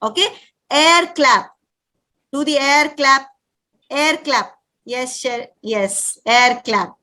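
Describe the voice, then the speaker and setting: Lively bright-voiced Indian woman leading games. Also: sits high. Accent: Indian English. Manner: lively, calls out commands in rapid drills. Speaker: workshop leader for parents. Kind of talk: live parent workshop, leading clapping games. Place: room with a live audience.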